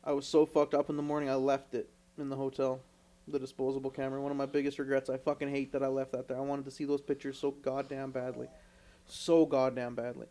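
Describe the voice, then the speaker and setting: A man's voice: mid-range voice, fast. A young man from Canada, co-hosting a podcast, telling stories in casual chat with lots of swearing and acted-out quotes. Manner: animated, swears a lot, acts out quotes. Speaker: podcast co-host.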